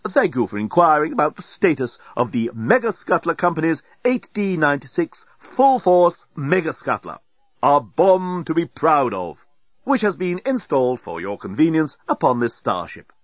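A man's voice: fairly high pitch, very animated, normal speed, no echo, pitched above the performer's own voice. A man reading a storybook aloud, voicing a male robot announcer that speaks with overly courteous formality, recorded dry and slightly dull. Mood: politely formal. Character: polite smug robot bomb announcer, male.

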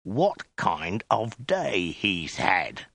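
A man's voice: on the low side, a little slow, vocal fry, fairly bright tone, slightly rough, no echo, heavily acted. A man voicing a brutal Mongol soldier who barks and hisses orders. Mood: harsh. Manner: barking, hissing.

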